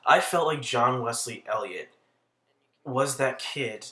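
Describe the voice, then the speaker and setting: A man's voice: medium pitch, slow pace, sharp tone. A man giving a rambling, profane, exasperated commentary rant. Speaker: commentary vlogger. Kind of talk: casual ranting commentary.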